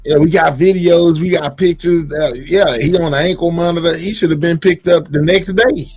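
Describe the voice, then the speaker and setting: A man hosts a livestream with easygoing, slangy chatter, his voice sitting a little high. The sound is close and dry, with no room echo around it. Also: fairly even intonation, normal speed, breathy edge, faint music behind. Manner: laid-back, slangy, chatty. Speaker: livestream host. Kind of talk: casual chat.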